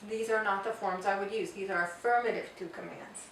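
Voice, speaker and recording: A woman teaching a grammar lesson, explaining step by step and repeating example phrases slowly. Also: mid-range voice, fairly even intonation, fairly bright tone, slight background noise. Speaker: Spanish teacher. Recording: echoey room, voice from far off.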